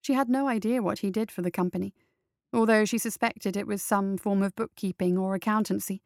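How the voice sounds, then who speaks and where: A woman narrating a story in a steady, even storytelling manner. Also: mid-range voice, a little fast, creaky, no room sound, studio quality. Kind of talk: audiobook narration.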